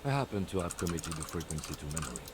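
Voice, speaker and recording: An actor playing a calm, precise male police lieutenant, speaking in a measured, dry and formal way in a video game. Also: extremely low pitch. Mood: composed. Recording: game audio with clear background noise.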